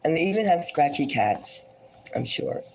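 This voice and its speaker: A woman giving a casual tarot reading, her voice scratchy and hoarse from a cold, rambling and dropping now and then into a whisper. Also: sits low, sing-song, moderate pace, darkish tone. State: hoarse, getting over a cold. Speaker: tarot reader.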